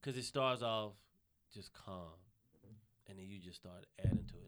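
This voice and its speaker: A male stand-up comedian from Arkansas telling stories in casual podcast chat, profane and animated, slipping into mocking voices for the people he quotes. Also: lowish voice, normal speed, very noisy.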